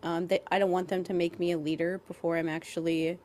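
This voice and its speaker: A woman's voice: fairly low pitch, little pitch movement, fast talker, a little mellow. A woman co-hosting a casual podcast, ranting animatedly and with exasperation about a book character. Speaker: podcast co-host.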